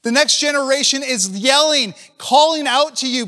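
This male pastor preaches with fervor, his bright, high voice carrying an edge, at a moderate pace with hardly any pauses. Speaking casually to leaders, he keeps firing off rhetorical questions, and the audio rings with long, hall-like reverb.

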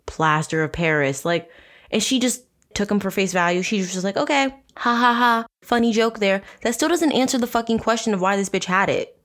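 A woman's voice: mid-range voice, expressive, fairly quick, fairly bright tone. A woman hosting a true crime podcast. She reads from a book aloud and breaks off into blunt, sarcastic, profane commentary. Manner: blunt, sarcastic, swears freely. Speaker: podcast host.

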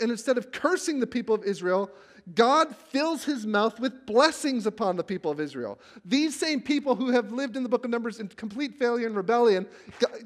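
A male pastor preaching a sermon, telling the story with animation and acting out the quotes, then growing hushed when he reads scripture. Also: extremely high pitch. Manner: drops to a hushed, reverent tone when reading scripture.

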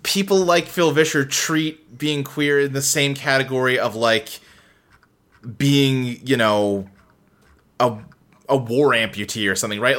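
Male podcast host, bright tone, animated, restless casual delivery. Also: mid-range voice, unhurried. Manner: animated, filler-heavy, frequent restarts.

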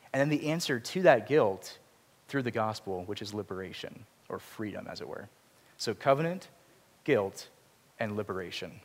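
A man's voice: fairly low pitch, husky. A man preaching a sermon in a church, earnest and explanatory, with self-deprecating asides. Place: church sanctuary. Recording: long reverb of a church hall.

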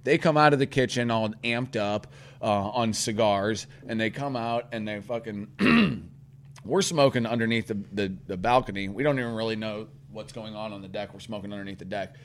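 A man telling a long story in casual podcast chat, swearing often and rambling with animated quoted voices. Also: on the low side, moderate pace, slight background noise.

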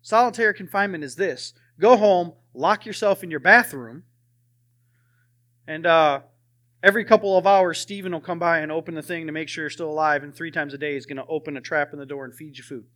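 A young man preaching a sermon and telling his own testimony, swinging from loud emphasis to hushed, near-whispered lines. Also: fairly high pitch, fairly quick.

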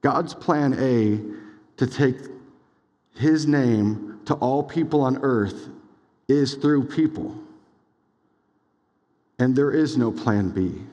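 A man's voice: medium pitch, slow pace, long pauses, muffled recording. Casual young man preaching in a hall. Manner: casual, animated preaching with many "like"s and asides. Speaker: pastor. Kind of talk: sermon. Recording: long hall reverb.

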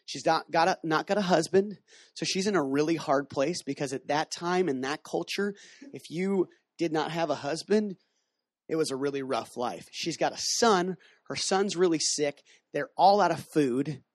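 A man teaching a casual sermon, retelling a Bible story in slangy, animated terms and reading scripture aloud. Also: fairly high pitch, no room sound, clean studio sound. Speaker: missions base director teaching.

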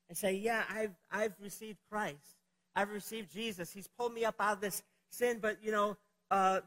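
A man's voice: fairly high pitch, fairly bright tone, in a large hall, low-quality recording. A middle-aged man preaching a sermon, opening with a childhood story, in a conversational, rambling way with many fillers. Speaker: pastor.

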